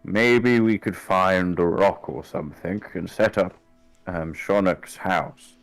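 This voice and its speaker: A man's voice: low-pitched, slow pace, creaky, soft background music. A man playing a tabletop game, speaking in a formal, mock-courtly way. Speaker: player. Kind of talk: casual chat at a tabletop game.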